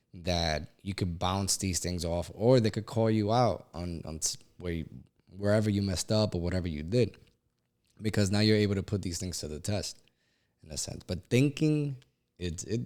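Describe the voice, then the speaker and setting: A man co-hosting a podcast, musing thoughtfully in relaxed conversation. His voice sits on the lower side. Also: normal speed. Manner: reflective, thoughtful. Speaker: podcast co-host. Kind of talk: casual chat.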